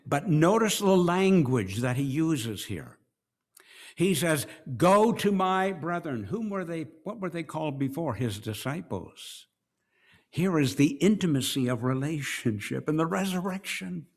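A middle-aged man preaching a sermon, slow and deliberate, swinging between hushed and raised passages. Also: fairly high pitch, expressive. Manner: slow, with dramatic swings between soft and loud.

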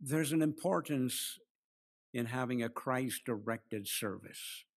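A man preaching an expository sermon, slowing down to stress key phrases and acting out the quoted lines. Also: medium pitch. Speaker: pastor.

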